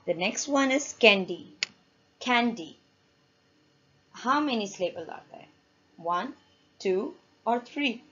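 Slow-speaking woman teacher quizzing pupils. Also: on the high side, animated, fairly bright tone, husky. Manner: slow, deliberate, quizzing pupils with repeated questions. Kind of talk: classroom lesson for children. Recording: dull lo-fi recording.

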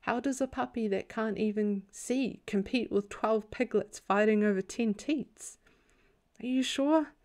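A woman reading a novel aloud as a bedtime story in a calm, even storytelling voice. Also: mid-range voice, measured pace, hardly any pauses. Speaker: audiobook reader.

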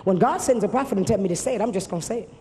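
A woman's voice: medium pitch, racing, warm tone. A woman preacher delivering a fervent sermon in a repetitive preaching cadence at a live camp meeting in a large church. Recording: reverberant church hall with faint noise.

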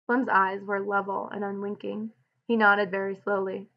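A woman teacher reading a novel aloud and pausing to ask students slow, deliberate questions. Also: mid-range voice, fairly even intonation, highs cut off. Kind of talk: read-aloud with guided questions.

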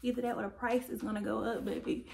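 A woman's voice: on the high side, level tone, fast, vocal fry, darkish tone. A young woman vlogger chatting casually and playfully to her viewers while decorating at home, sometimes dropping to a whisper. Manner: playful, talks straight to viewers; drops to a whisper at times. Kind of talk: casual vlog chat. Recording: noisy home recording.

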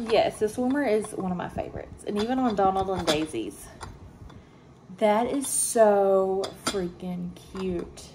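A young woman, gushing excitedly about a product she shows at home, with many fillers and restarts. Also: mid-range voice, a little slow. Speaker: home sales consultant showing a product. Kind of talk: casual product show-and-tell. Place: home room, indoors. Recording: clear home noise behind.

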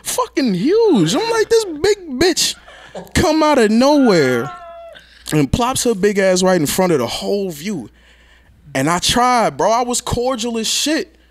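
A young man, a rapper guest, telling a story in a casual interview, loud and laughing, jumping between low mutters and high exclaims. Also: very animated, measured pace.

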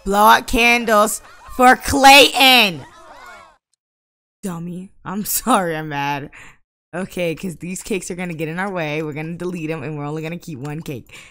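A woman giving casual Let's Play commentary, exasperated and bursting into loud outbursts at the game. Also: low-pitched, fairly even intonation, a little fast. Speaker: gaming YouTuber.

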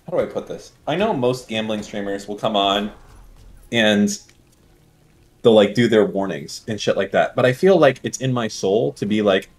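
A man with an American accent, a streamer talking in casual, brash, crude, joking banter. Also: fairly low pitch. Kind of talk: casual podcast chat.

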